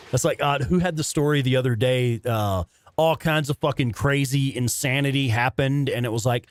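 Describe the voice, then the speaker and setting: A man's voice: mid-range voice, normal speed, clear, resonant tone, dry recording. A man in his fifties casually commentating a video game, laid-back, laughing often and swearing freely. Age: 50s. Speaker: gameplay streamer. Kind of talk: casual let's play commentary.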